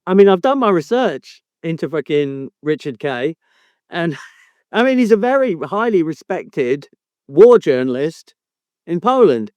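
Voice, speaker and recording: A man hosting a casual podcast, his voice high and animated as he ribs his co-host with mock outrage and casual swearing. The sound is close and dry. He leans hard into exaggerated exasperation. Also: a little slow, no room sound. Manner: teasing, mock-indignant, swears freely. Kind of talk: casual chat.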